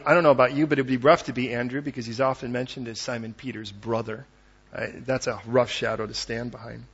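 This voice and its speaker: A man preaching a sermon as pastor, animated and conversational, acting out the people in his story. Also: mid-range voice, slightly rough, lo-fi sound.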